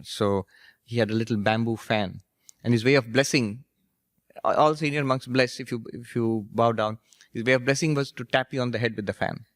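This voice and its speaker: A monk and spiritual teacher giving a storytelling lecture, anecdotal and gently humorous. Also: male voice, mid-range voice, normal speed, no echo, studio quality. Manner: anecdotal, gently humorous, laughs at his own stories.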